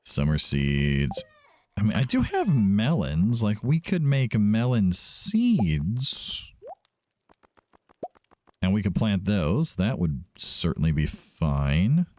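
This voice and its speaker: A man's voice: on the low side, huge pitch swings, takes it slowly, a little mellow, slight background noise. A man hosting a let's play, giving casual gameplay commentary, chatty and thinking aloud as he often corrects himself.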